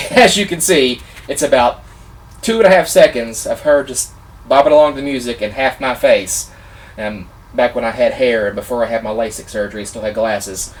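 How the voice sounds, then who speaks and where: A man vlogger telling a personal story in a casual, excitable, animated way, gushing like a fan. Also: medium pitch, normal speed, far from the mic.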